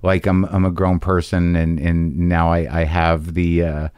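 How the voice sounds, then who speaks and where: Halting man interviewer, lowish voice. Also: flat delivery, a little mellow, clean tone, dry recording, clean studio sound. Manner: halting, with many restarts and repeated words. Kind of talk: casual interview.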